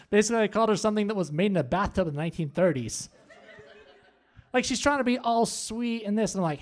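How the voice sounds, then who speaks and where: A man hosting a comedy show on stage, doing his stand-up set with punchy, animated delivery and asides to the crowd. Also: high-pitched, a little fast, long pauses. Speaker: stand-up host. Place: comedy club. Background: audience laughter.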